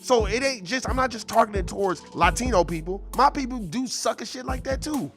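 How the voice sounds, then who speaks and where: A man telling a story in an animated, profane, streetwise casual rant. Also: very high voice, a little fast, music in the background. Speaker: show host.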